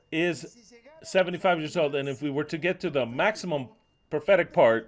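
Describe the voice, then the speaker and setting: A man preaching an impassioned sermon, fiery and profane, cursing loudly and swearing often. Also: a little high. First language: Spanish.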